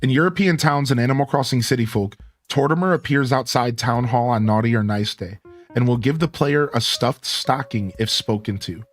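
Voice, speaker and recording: A male game streamer chatting casually with his viewers at a desk mic, in a mid-pitched voice. He talks in a relaxed, rambling way, leaning on "like" and "you know", and his voice still sounds a little worn. Faint game music plays behind him. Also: normal speed.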